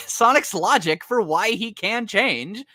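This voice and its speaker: Animated laughing man, bright voice. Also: sits high, slow pace, dry recording, studio quality. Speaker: podcast co-host. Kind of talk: casual chat.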